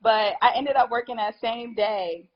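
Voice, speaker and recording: Animated young woman telling her story. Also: a little high, unhurried, dull audio. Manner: animated storyteller, acts out quotes, gets emotional. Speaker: hairstylist guest. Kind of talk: casual interview chat.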